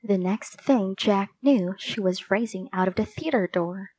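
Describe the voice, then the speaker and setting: A woman narrating a children's storybook in a clear, expressive read-aloud manner. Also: medium pitch, a little slow, hardly any pauses, no room sound. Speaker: audiobook narrator.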